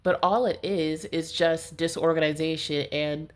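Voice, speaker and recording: A woman with a blocked nose and a distinctly nasal sound gives a casual tarot reading. Her voice sits a little low. She rambles and fills her talk with "like". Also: steady tone, unhurried. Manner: rambling, heavy use of "like". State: stuffy nose, congested. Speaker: tarot reader.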